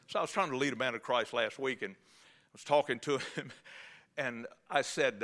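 A man with a drawl delivers a Baptist sermon in church. His voice rings bright and edgy, swinging between fiery preaching and folksy wisecracks. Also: medium pitch, normal speed. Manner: fiery, folksy, joking asides. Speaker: Baptist pastor. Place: church before a congregation.

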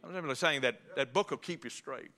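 Fiery bright-voiced preacher. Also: male voice, mid-range voice, brisk. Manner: fiery, folksy, joking asides. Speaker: Baptist pastor. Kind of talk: sermon. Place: church before a congregation.

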